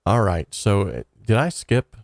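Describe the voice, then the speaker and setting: A man's voice: lowish voice, very animated, a little slow, creaky, darkish tone, dry recording, studio quality. A man hosting a casual livestream, talking in an earnest, encouraging way and rambling loosely with frequent fillers. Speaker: livestream host of a song contest.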